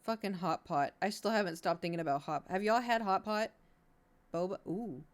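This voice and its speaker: Woman streamer, casual live chat, rambling and self-mocking, mid pitch. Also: normal speed.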